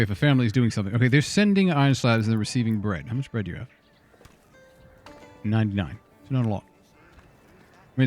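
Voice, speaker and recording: Low-voiced man muttering over gameplay. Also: darkish tone. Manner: muttering to himself, exasperated questions. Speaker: game streamer. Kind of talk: casual gameplay commentary.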